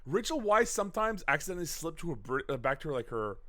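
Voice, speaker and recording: A man's voice: fairly high pitch, sing-song, fast, fairly bright tone. A man co-hosting a casual movie review chat, rambling with lots of fillers, self-corrections and swearing. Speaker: podcast co-host.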